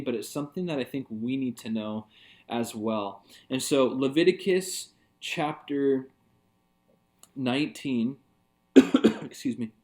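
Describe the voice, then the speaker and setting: A man's voice: mid-range voice, darkish tone. Earnest, reflective male pastor. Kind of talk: devotional talk.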